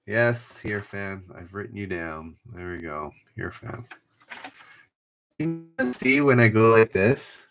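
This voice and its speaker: A man's voice: on the low side, lively intonation, slow, fairly bright tone. Chatty man hosting a trivia livestream. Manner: chatty, reads clues twice, jokes with chat. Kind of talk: casual livestream quiz hosting.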